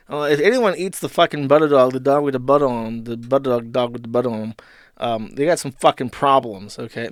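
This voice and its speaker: Brief: mid-pitched male stream host, profane and rambling, dry close-miked sound. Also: brisk, dry recording. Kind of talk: casual live-stream commentary.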